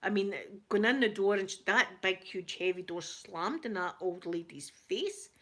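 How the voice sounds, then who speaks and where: A woman's voice: medium pitch, moderate pace. Chatty Scottish woman telling a story. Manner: chatty, animated anecdote telling. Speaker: ASMR channel host. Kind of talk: casual storytelling chat.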